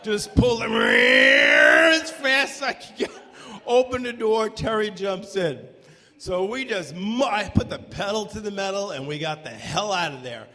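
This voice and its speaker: A man telling a true story live on stage, animated and breaking into shouts at the tense moments. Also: sits high, unhurried. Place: stage before a live audience. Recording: long hall reverb from a live venue.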